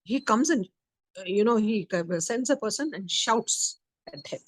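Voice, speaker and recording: A woman teaching a study circle, telling a story in a lively way and acting out the quotes. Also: mid-range voice, moderate pace, no echo. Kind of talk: storytelling lecture.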